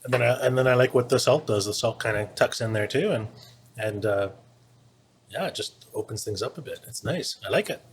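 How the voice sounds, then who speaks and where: A man chatting casually on a podcast, easygoing and quick. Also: medium pitch, slight background noise. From Canada. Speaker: beer writer and podcast guest. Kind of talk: casual chat.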